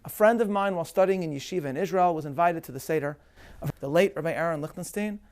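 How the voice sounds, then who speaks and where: A rabbi giving a measured, emphatic scripted lecture on a religious festival, with Hebrew terms woven in. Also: male voice, on the high side, a little mellow.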